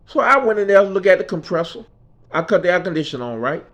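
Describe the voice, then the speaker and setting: A man's voice: high voice, very animated, fast talker, fairly bright tone, highs cut off. A man telling a personal story in a conversational, repetitive way, often checking in with the listener. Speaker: speaker.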